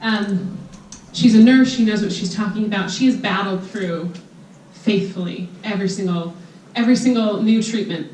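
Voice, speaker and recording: A woman's voice: mid-range voice, moderate pace, darkish tone, a little hiss or hum. A woman in her thirties making chatty, emotional announcements to her class reunion, rambling as she goes, recorded from far off in a hall. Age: 30s. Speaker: reunion organizer. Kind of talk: informal announcements to a crowd.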